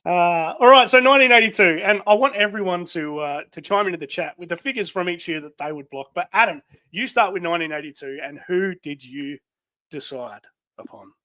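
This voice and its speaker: A man's voice: sits high, a little fast, sharp tone, no echo. A man with an Australian accent co-hosting a casual livestream, reading out viewer comments, with many fillers and frequent laughs. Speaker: livestream co-host.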